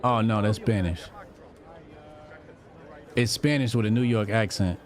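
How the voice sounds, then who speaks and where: A man's voice: fairly low pitch, unhurried. Slangy man hosting a live commentary stream. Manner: loose slangy banter, reads clips aloud and reacts. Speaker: livestream host.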